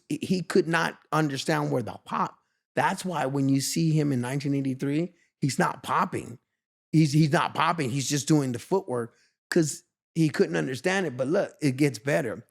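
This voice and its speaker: Man in his fifties, from los angeles, interview guest, animated storyteller, fairly high voice, acts out the people he talks about. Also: normal speed, creaky. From Los Angeles, USA. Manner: lively, acts out other people's lines in his stories. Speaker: guest, veteran street dancer.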